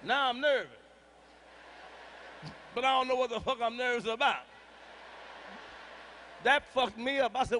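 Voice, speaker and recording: Loud, high-voiced stand-up comic man. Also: unhurried, pauses often, slight background noise. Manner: loud, profane, punchy storytelling with repeated lines. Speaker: stand-up comedian. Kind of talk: stand-up comedy routine. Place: large live comedy venue.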